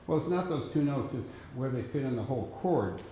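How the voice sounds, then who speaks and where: A man's voice: medium pitch, lively intonation, fairly quick, mellow, slight background noise. A man conducting a band rehearsal, who explains the music patiently and sings rhythms aloud to the players. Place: large rehearsal hall. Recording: roomy hall with faint ambience.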